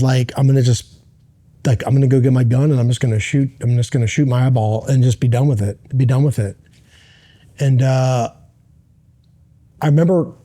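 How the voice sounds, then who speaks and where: A middle-aged man telling a personal story as a podcast guest, earnest and halting, with many restarts. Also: mid-range voice, warm tone. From United States.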